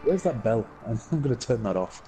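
Gaming guest, man, lively bouncy delivery, cracks teasing jokes. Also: mid-range voice, fairly quick, soft background music, poor audio. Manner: joking, teasing banter. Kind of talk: casual gaming chat.

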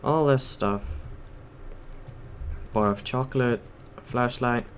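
A man's voice: medium pitch, takes it slowly, a little hiss or hum. A man giving casual gameplay commentary while playing at his computer, rambling and hesitant, full of ums and self-corrections. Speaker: gaming YouTuber.

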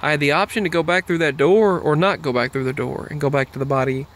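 A man's voice: on the high side, fast, a bit bright, a little hiss or hum. A man talking casually in a rambling monologue, with lots of restarts and trailing thoughts. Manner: meandering, many fillers and restarts.

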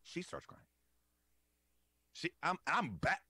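A man's voice: slow pace, husky, dry recording. A young man co-hosting a podcast, telling stories casually and acting out the people in them with big swings in his voice and frequent laughs. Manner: animated, acts out quotes with big pitch swings, laughs often. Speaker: podcast co-host. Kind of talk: casual storytelling chat.

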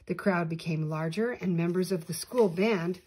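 Husky older grandmother reading a story. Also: lowish voice, moderate pace. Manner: animated reading with small slips. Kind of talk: reading a picture book aloud.

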